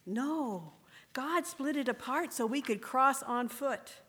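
Woman voicing a tired fleeing husband, earnest, pleading, higher voice, long echo. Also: lively intonation, takes it slowly, fairly bright tone, slightly rough, heavily acted. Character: frightened, weary young husband and father fleeing. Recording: echoey room with long reverb.

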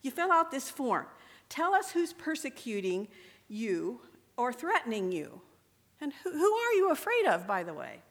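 A woman's voice: high voice, big pitch swings, measured pace, pitched above the performer's own voice, full character voice. A woman reading aloud as a weary, irritable male border soldier, questioning with dry skepticism. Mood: curt, sardonic. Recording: echoey room with long reverb.

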